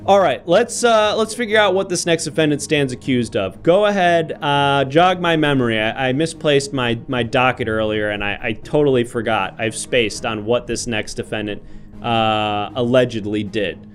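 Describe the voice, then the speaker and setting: Brisk mock-formal host as a judge. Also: male voice, mid-range voice, soft background music. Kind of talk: improv comedy livestream.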